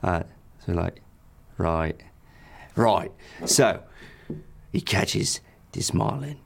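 A man narrates a tabletop game as game master, often stopping and restarting. His voice sits a little low but rises and falls a great deal. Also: expressive, creaky, slight background noise. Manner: halting, many fillers and restarts while narrating.

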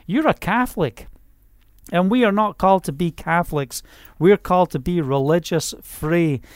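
Rambling high-voiced male preacher. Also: clean tone, dry recording, clean studio sound. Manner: rambling, conversational, many fillers and restarts. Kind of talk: informal online sermon.

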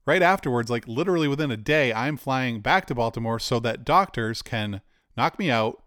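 A man's voice: medium pitch, animated, moderate pace, a bit bright, no room sound, studio quality. Candid man telling a personal story. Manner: candid, conversational, with laughs and asides. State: cancer patient.

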